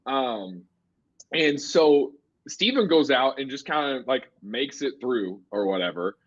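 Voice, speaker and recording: A man's voice: mid-range voice, lively intonation, unhurried, a bit bright. A man and comedian, rambling through a story in casual podcast chat, full of "like" and "you know". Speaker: comedian guest. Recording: dull lo-fi stream audio.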